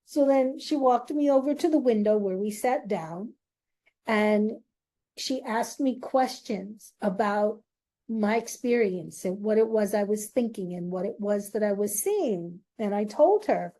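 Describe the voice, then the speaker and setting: Slow, mellow-voiced woman telling her story. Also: medium pitch, expressive. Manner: slow, earnest and confiding. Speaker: host. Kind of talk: personal storytelling.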